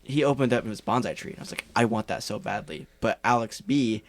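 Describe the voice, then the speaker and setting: A man's voice: fairly low pitch, brisk, no echo. A man co-hosting a podcast, talking in a blunt, profane, joking way. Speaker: podcast co-host. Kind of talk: casual chat.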